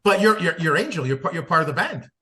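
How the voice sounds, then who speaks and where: Lively, higher-pitched male podcast host. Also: fast, crowd noise. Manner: enthusiastic, restarts and repeats words. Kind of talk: interview questions.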